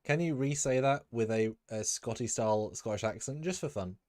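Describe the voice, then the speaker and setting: A man's voice: mid-range voice, normal speed, a little mellow, no echo, studio quality. A man hosting a casual live stream, rambling with lots of fillers and restarts.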